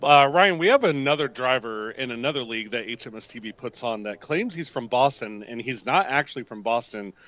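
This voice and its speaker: A man's voice: mid-range voice, lively intonation, a little fast, hardly any pauses, fairly bright tone. A man working as color commentator on a sim racing broadcast, full of joking, teasing banter.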